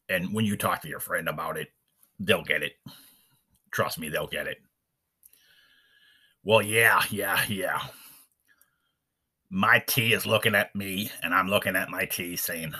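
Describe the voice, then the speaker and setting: A man's voice: low-pitched, sharp tone, husky. A man hosting an unscripted podcast, rambling in a folksy way with lots of fillers. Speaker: podcast host. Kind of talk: casual unscripted podcast chat.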